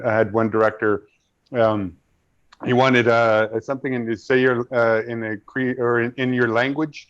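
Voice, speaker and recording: A man's voice: mid-range voice, lo-fi sound. A middle-aged man, an actor, talking thoughtfully in a panel interview, telling stories with frequent restarts.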